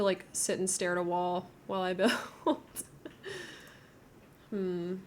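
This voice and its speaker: A woman's voice: mid-range voice, slight background noise. A woman streamer giving casual gameplay commentary, thinking aloud as she builds and playfully tossing in old-fashioned words. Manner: musing aloud while building, playfully says "perchance".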